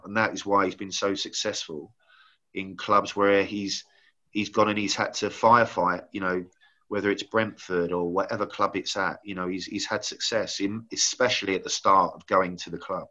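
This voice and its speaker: A middle-aged former footballer telling rambling anecdotes in casual chat, full of "you know" fillers. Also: male voice, low-pitched, sharp tone, muffled recording.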